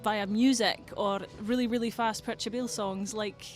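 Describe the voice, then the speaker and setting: A woman's voice: mid-range voice, steady tone, normal speed, soft background music. A young Scottish woman who is a folk singer, chatting in an interview with a giggly, self-deprecating manner. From Scotland. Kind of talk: casual interview chat. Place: folk festival grounds.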